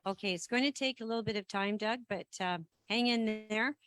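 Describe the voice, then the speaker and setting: A woman chairing a formal council meeting in a meeting room, speaking in a measured way with frequent ums and restarts. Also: mid-range voice, fairly bright tone.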